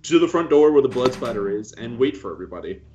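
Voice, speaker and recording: A man's voice: medium pitch, big pitch swings, fast talker, darkish tone. A man playing a character in a tabletop game, talking casually with laughs and restarts. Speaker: player. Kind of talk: tabletop role-play. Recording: dull lo-fi stream mic.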